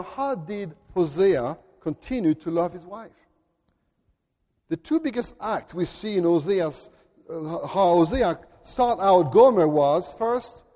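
A man with a French accent preaching a sermon in an earnest, deliberate way, at times speaking directly to children. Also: high voice, expressive, dark tone, big-room sound. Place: church.

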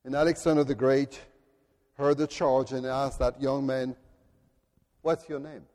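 A male pastor preaching a sermon in a large church, emphatic, building up to loud declarations. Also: medium pitch, flat delivery, normal speed. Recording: long reverb of a church hall.

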